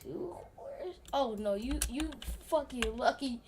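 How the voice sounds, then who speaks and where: A young woman gaming streamer giving excited live commentary on her game, swearing often and dropping to mutters. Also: on the high side, slow, background noise. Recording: keyboard clicks and typing behind voice.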